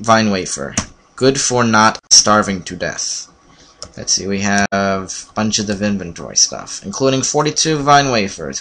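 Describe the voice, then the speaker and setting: A man giving casual, playful commentary while playing a video game, with sudden excited yelps and frequent fillers. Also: lowish voice, slight background noise. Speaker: let's play commentator. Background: keyboard typing and clicks.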